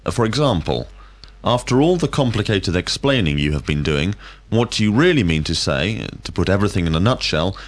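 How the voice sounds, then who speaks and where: A man teaching vocabulary, asking drill questions in a clear, deliberate way. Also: low voice. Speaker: language teacher. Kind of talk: scripted drill lesson.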